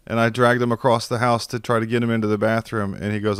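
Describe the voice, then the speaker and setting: A man's voice: on the low side, quick pace, hardly any pauses, clean tone, no room sound. Guy on a zoom call telling a wild story, dry close sound, acts out all the voices. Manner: animated storyteller, acts out quotes, laughs often. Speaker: podcast guest. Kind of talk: casual storytelling chat. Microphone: video call. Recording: dry video call audio.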